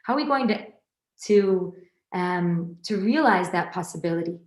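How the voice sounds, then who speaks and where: A woman giving an informal Torah class, lively and conversational, often restarting her sentences and adding asides to her listeners. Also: lowish voice, moderate pace. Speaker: Torah teacher. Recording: roomy echoey recording.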